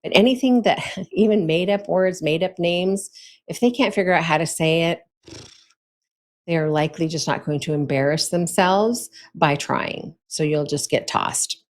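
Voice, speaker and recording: A woman with a notably low-pitched voice talks through practical tips in a relaxed, conversational way. She sounds like a friendly host, chatty and informal, often dropping little fillers and soft laughs as she goes. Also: moderate pace. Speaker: host giving advice to authors. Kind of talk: casual instructional talk.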